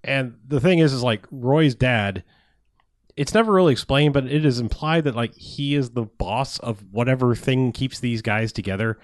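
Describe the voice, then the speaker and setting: A man in casual conversation, complaining at length about a movie. He swears often and builds into animated rants. The sound is dry and close. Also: medium pitch, moderate pace, dry recording. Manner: profane, ranting, animated. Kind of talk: casual film review chat.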